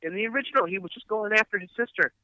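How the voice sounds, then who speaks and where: Fast-talking bright-voiced man, lo-fi. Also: high voice, dry recording. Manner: emphatic, swears freely. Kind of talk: casual chat.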